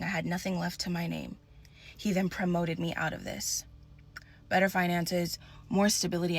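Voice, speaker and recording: A woman's voice: on the low side, a bit bright. A woman giving an earnest, emphatic personal faith testimony in a conversational, preaching way.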